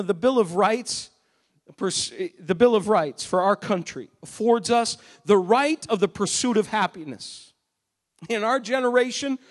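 A male pastor delivers a sermon in a notably high voice. He moves between conversational asides and loud, emphatic peaks. The sound carries the long reverb of a large hall. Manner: preaching with swells into shouting.

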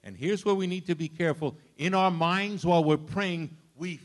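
An older man, a grandfather, preaching a sermon with dramatic storytelling that swings from loud outbursts to hushed asides. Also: fairly high pitch, normal speed. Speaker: pastor.

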